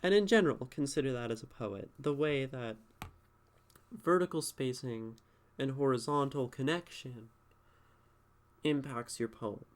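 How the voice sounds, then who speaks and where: A man in a relaxed, chatty critique, voice sitting in a middle register. He thinks out loud, leaning on fillers and checking in with "right?" as he goes. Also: mid-range voice, unhurried, pauses often. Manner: conversational, thinks aloud with many fillers and "right?" tags. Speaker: streamer critiquing poetry. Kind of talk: casual spoken critique.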